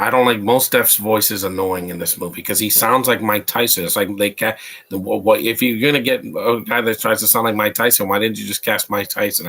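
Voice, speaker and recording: A man's voice: on the low side, sharp tone. A man giving casual live commentary on a movie, rambling and opinionated as he answers his chat. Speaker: live watch-along commentator.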